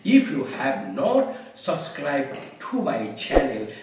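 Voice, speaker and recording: A man giving a careful English vocabulary lesson, explaining each word slowly with examples. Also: medium pitch, sing-song, darkish tone. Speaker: English teacher. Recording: very echoey room, voice far from the mic.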